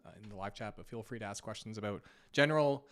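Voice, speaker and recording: Still slightly scratchy from a cold he's recovering from, a Canadian man hosts a relaxed finance Q&A on a live stream. He speaks quickly in a lowish, somewhat bright voice, chatty and poking fun at himself.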